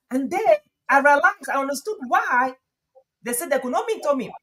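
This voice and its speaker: Animated man giving advice. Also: extremely high pitch, normal speed, rough recording. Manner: lively, laughs often, repeats phrases for emphasis. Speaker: guest speaker coach. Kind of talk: conversational advice on a live stream.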